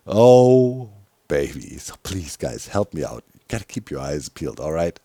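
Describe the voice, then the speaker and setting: A man's voice: very deep voice, very animated, a little slow, mellow, no room sound, clean studio sound. A middle-aged man with a German accent, tired, giving rambling gaming commentary with frequent chuckles and many fillers. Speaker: gaming YouTuber.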